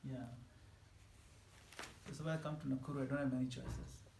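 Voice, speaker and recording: A man giving a scripture class in a temple hall, animated and emphatic, laughing at his own examples. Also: mid-range voice, moderate pace, vocal fry, slight background noise. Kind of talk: scripture class lecture answering questions. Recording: echoey hall with faint ambience.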